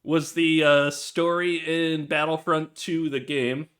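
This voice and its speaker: A man's voice: on the high side, flat delivery, slow pace, crowd noise. A man co-hosting a podcast in casual chat, recapping scenes, quoting characters and laughing often. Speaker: podcast co-host.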